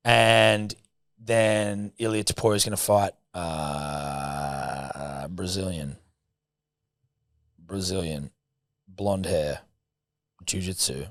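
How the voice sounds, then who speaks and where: A man co-hosting a casual sports podcast, animated and swearing freely. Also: low-pitched, very slow, long pauses, no room sound, studio quality. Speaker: podcast co-host.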